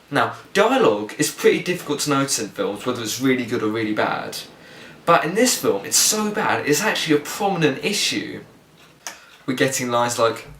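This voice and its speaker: A man's voice: medium pitch, a bit bright, roomy sound. A young man giving a blunt, sarcastic film review, ranting in exasperation from his bedroom. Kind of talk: casual film review monologue.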